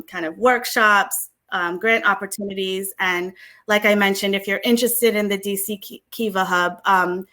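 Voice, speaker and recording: A woman from a city small business agency, answering on an online panel quickly with many filler ums. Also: mid-range voice, bright, forceful tone. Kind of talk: panel answer on a virtual summit.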